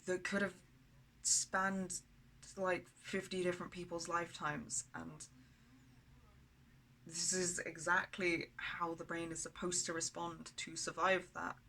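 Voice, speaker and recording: A woman speaks in a personal video diary, blunt and rambling, with lots of swearing. Her voice is lowish and crisp with a tense brightness, and it stays fairly flat in pitch. A faint hum sits behind her. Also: slow, rough recording. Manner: raw, candid and blunt, with frequent swearing; rambling, with many fillers and restarts. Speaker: vlogger.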